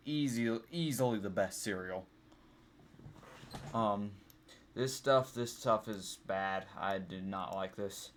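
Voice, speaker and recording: A man's voice: mid-range voice, a little hiss or hum. A young man talking casually as he ranks things, rambling with many ums and restarts. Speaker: vlogger. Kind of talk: casual tier-list ranking chat.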